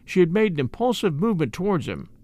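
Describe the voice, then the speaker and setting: A man giving scripted, expressive narration of a mystery novel as an audiobook reader. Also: high-pitched. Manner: expressive, measured storytelling.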